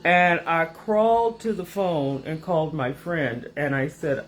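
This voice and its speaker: A woman host telling a rambling personal story to her viewers in a casual, animated way, recorded in her home kitchen. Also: deep voice, unhurried, slight background noise. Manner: animated, rambling, acts out voices in her stories.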